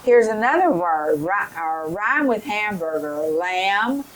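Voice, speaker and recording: Slow-paced woman training teachers. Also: mid-range voice, expressive, slight background noise, rough recording. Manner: slow, explanatory, models children's rhyming drills aloud.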